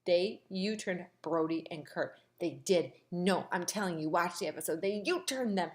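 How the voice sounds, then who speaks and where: A woman hosting a casual, gossipy recap of a reality show, sassy and animated. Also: normal speed. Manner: animated, gossipy and sassy, with big pitch swings.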